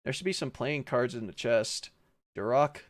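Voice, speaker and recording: A man's voice: medium pitch, moderate pace. A man streaming a visual novel, reading its narration and dialogue aloud and breaking off now and then to joke and laugh. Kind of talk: playful read-aloud of game text with commentary.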